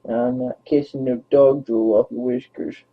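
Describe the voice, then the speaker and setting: Husky young man, tinny lo-fi audio. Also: mid-range voice, steady tone, moderate pace. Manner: rambling, playful, babying talk. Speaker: vlogger. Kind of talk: casual talk to his dog on camera.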